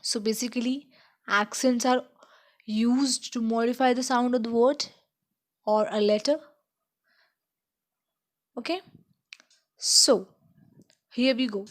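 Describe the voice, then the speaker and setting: A woman teaching a slow beginner French lesson, checking in with "okay?" as she explains each point. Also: fairly high pitch, steady tone.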